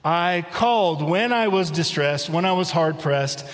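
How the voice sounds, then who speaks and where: A middle-aged man delivers a sermon in a relaxed, conversational way, slowing down to read scripture aloud. His voice sits a little high for a man. It rings out in a church with a long echo. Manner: conversational preaching, rhetorical questions, reads scripture slowly. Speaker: pastor. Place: church sanctuary.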